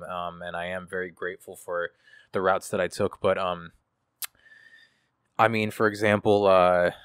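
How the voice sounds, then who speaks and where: Low-voiced man speaking candidly. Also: fairly bright tone, clear, resonant tone, no echo, studio quality. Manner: casual, profane, reflective with many fillers. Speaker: guest artist. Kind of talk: candid interview.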